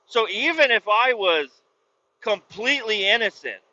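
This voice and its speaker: A man's voice: high-pitched, animated, measured pace, bright, forceful tone, no echo, lo-fi sound. A man hosting a podcast, telling a rambling, profane story in a casual, exasperated way. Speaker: podcast host.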